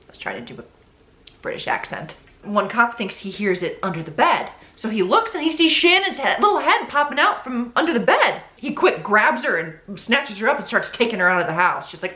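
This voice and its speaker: A woman's voice: medium pitch, very animated, fairly quick, pushed and bright, roomy sound. A young woman telling a true crime story in a casual, blunt, chatty way, with swearing and offhand asides.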